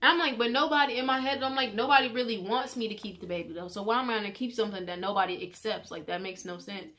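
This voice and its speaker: A teenage girl telling a personal story in a chatty vlog, animated as she quotes the people involved. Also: on the high side, fast talker. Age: teens. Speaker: vlogger.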